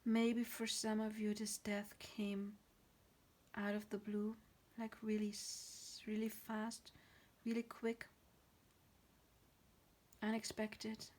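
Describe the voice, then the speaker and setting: Slow, near-tearful woman tarot reader. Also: medium pitch, completely flat delivery. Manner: soft, halting, often drops to a whisper. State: near tears. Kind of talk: pick-a-card tarot reading.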